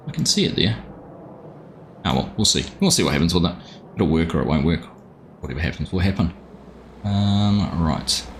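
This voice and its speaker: Chatty New Zealand man, low voice. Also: a bit bright, a little hiss or hum. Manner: chatty, greets viewers by name. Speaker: game streamer. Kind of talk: casual live-stream chat. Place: home room.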